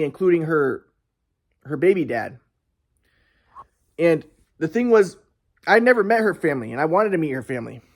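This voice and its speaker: Man, rambling first-person account, agitated and profane, lots of restarts, lively pitch. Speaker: storyteller.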